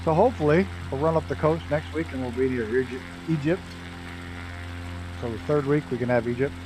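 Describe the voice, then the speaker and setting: A man's voice: on the high side, a little fast, background noise. A man chatting casually while streaming a flight simulator, telling profane racing stories and laughing often.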